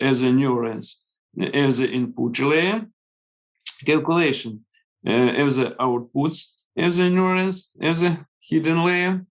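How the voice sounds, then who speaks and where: A man with a Ukrainian accent reads out his research slides over a video call, in a fairly high voice. He speaks slowly, stopping often to find his place, and his words come at a measured, deliberate pace. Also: rough recording. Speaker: conference presenter. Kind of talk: reading a research presentation.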